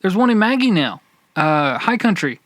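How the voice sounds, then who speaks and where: A man co-hosting a podcast, with a bright, slightly high voice. He jokes and rambles, restarting his sentences as he goes. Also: very animated, normal speed, no echo. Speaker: podcast co-host. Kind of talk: casual chat.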